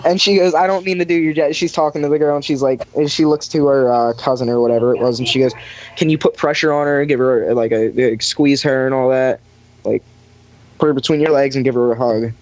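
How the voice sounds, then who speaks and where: A man's voice: mid-range voice, brisk, a little mellow. A young man casually telling a long work story on a podcast, full of fillers and acted-out quotes. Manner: rambling storyteller with many fillers, acts out quoted voices. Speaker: podcast guest recounting lifeguard job. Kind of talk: casual chat. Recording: dry, dull lo-fi sound.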